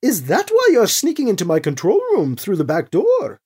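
An audiobook reader voicing a calm male team leader, firm and dryly joking, close to the narrating voice. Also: mid-range voice, moderate pace, breathy edge. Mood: steady. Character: steady male fighter leader, calm and dry.

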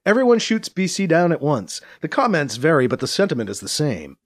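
A man's voice: a little high, sing-song, fairly quick, few pauses, dry recording, clean studio sound. A man narrating a science fiction audiobook in a plain storytelling way. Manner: plain storytelling between dialogue. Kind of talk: scripted narration.

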